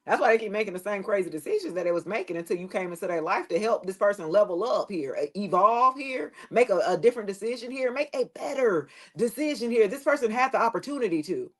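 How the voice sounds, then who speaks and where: A woman giving a casual tarot reading to the camera, blunt and preachy, swearing freely and dropping her voice low at times. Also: animated, fast, few pauses. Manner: preachy, blunt and profane, with loose slangy phrasing; drops into a lower tone at times. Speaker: tarot reader.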